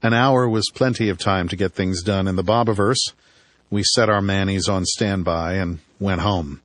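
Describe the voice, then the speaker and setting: Male audiobook narrator, low-pitched, dry and wry. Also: steady tone, moderate pace, no echo. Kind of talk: first-person audiobook narration.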